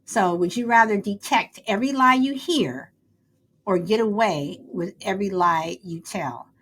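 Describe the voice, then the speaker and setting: A woman hosting a casual live show, talking haltingly with many fillers and repeated words. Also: medium pitch, a bit bright, breathy edge. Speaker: host. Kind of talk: casual live-stream chat, reading viewer comments.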